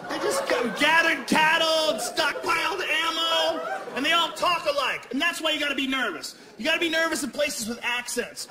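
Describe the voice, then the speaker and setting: A man from Boston doing a stand-up comedy routine on stage, telling loud, profane stories and acting out voices. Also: very high voice. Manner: loud, animated, profane storytelling with acted-out voices. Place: comedy stage in front of a live audience. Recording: live club stage mic, long hall reverb, audience noise.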